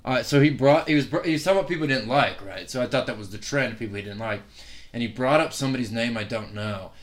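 A man's voice: mid-range voice, fast. A man, a comedian, telling stories in casual podcast chat, rambling with many fillers and frequent laughs. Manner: rambling, full of "like", often laughing.

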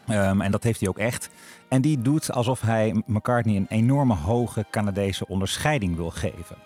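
A man presenting on the radio in a relaxed, chatty way, with frequent filler pauses. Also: fairly low pitch, soft background music. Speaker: radio host.

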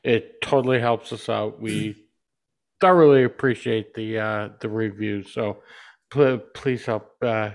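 A man's voice: lowish voice, a little slow, vocal fry. A man with a Southern US accent co-hosting a podcast in laid-back casual chat. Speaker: podcast co-host.

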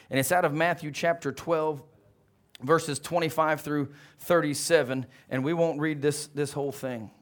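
Male preacher, lively storyteller, voice a bit on the high side. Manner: animated storytelling, swings from quiet to loud. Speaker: pastor. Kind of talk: sermon.

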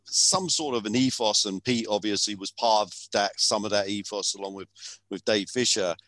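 Low-voiced hesitant male interviewer. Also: moderate pace, a bit bright, no echo. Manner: hesitant, filler-heavy questions. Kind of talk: interview questioning.

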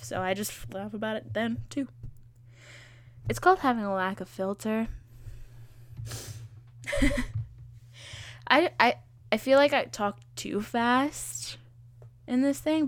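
A woman's voice: fairly high pitch, clear, resonant tone, no echo. Woman rambling on her own podcast, jokey and self-mocking, lots of "like"s, dead dry sound. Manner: chatty with many fillers. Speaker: podcast host. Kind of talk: casual solo podcast chat.

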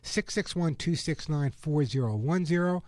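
A man hosting a radio pet show, reading ads in an earnest, urging way and slowly repeating phone numbers. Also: on the high side, darkish tone, no room sound. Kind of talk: host-read radio ad.

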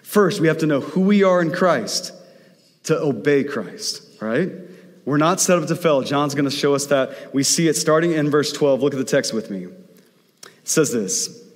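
Male pastor preaching, kinda high voice, casual storytelling, lots of hall echo. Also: lively intonation, normal speed. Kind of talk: sermon.

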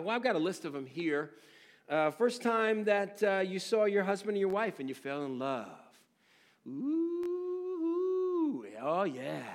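Animated man preaching a sermon. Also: high voice. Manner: animated storytelling, swings from excited shouts to quiet, somber tones. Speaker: pastor.

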